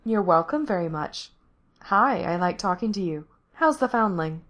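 A woman reading a story aloud and voicing a relaxed young woman performer who teases in a low-key, easygoing way. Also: moderate pace. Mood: teasing. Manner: laid-back, low-key and teasing.

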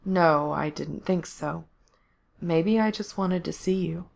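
A woman reading a story aloud, voicing a cruel male villain with a slow, quiet drawl. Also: lowish voice, vocal fry, exaggerated voice. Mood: menacing. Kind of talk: fan fiction reading.

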